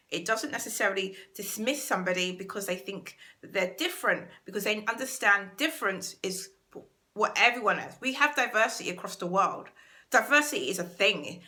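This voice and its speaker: This is a British woman giving a motivational talk on her self-help channel. Her voice is bright and forward at an even middle pitch. She speaks earnestly and stresses her main points by saying them twice. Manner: earnest, emphatic, repeats key words.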